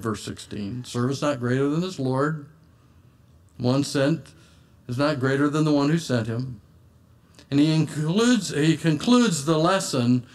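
A man's voice: medium pitch, a little mellow. A man preaching an earnest sermon and reading scripture aloud in old-fashioned wording.

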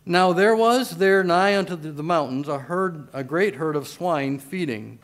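Emphatic pastor, fairly high voice. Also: male voice, unhurried, a bit bright. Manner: emphatic scripture reading in old-style wording. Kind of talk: sermon.

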